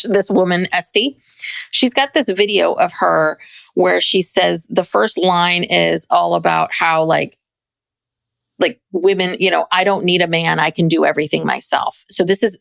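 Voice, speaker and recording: A woman chatting on a podcast, her voice carrying a gravelly fry. She talks in an animated, rambling way and laughs often. The sound is dry and close. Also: on the low side, dry recording. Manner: animated, laughing, jumps between topics. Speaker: podcast co-host. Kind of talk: casual podcast chat.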